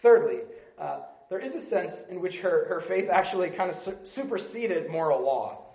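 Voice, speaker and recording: A man delivers a sermon in a high, light voice, talking earnestly and conversationally and putting questions to his listeners. His voice rings around a roomy space. The recording sounds a little dull and muffled. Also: expressive, normal speed. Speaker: preacher.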